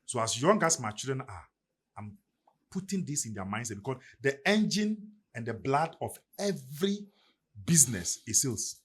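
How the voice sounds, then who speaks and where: This Ghanaian guest, a middle-aged man with a Ghanaian English accent, delivers motivational podcast talk at a moderate pace. His medium-pitched, breathy voice swings widely in pitch, rising and falling in an emphatic, preacherly way.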